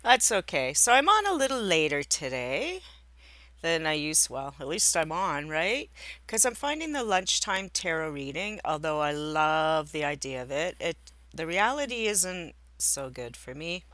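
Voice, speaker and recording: A woman with a bright, forceful voice chats on a live stream from home. She rambles and cuts herself off mid-thought as she fiddles with her setup, talking half to viewers and half to herself. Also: low voice, very animated, a little slow, dry recording. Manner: rambling, self-interrupting, talking to herself while setting up. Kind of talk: casual live-stream chat. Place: indoors at home by a window.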